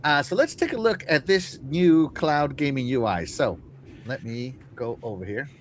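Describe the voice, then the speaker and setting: A man's voice: mid-range voice, expressive, moderate pace, slight background noise. A man hosting a casual live-stream show, talking to his chat with lots of fillers and restarts. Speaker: podcast host.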